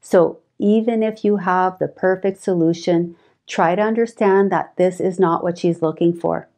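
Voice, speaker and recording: A woman presenting relationship advice in a calm, measured, scripted monologue. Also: on the low side.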